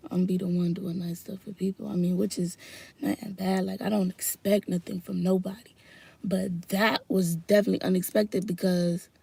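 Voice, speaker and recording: Young Southern woman vlogger, gravelly, dry close sound, rambling, shifts from quiet asides to loud outbursts. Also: lowish voice, level tone, moderate pace, no room sound. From Florida, US South. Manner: rambling, heartfelt, drifts between soft murmurs and loud bursts. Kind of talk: casual chat to camera.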